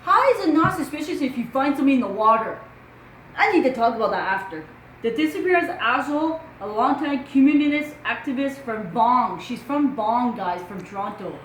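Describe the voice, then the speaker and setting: High-voiced French-accented woman vlogger. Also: a little fast, echoey room, a little hiss or hum, low-quality recording. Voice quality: animated, wondering aloud with rhetorical questions. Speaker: true crime vlogger. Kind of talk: casual true crime commentary, reading news aloud.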